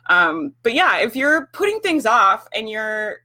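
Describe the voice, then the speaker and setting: A woman's voice: on the high side, very animated, a little slow, sharp tone. A young woman hosting a casual livestream for business owners, talking frankly with lots of "like" fillers and the odd swear word.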